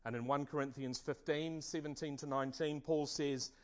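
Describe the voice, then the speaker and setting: A man preaching a sermon at a church service, earnest and measured. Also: fairly high pitch, fairly even intonation, highs cut off.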